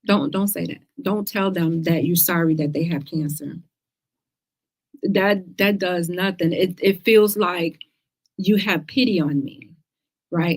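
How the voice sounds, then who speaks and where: A middle-aged woman hosts a casual livestream talk. Her voice sits a little low, and she speaks earnestly, stressing her points by repeating words. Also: darkish tone. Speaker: host of a cancer talk show.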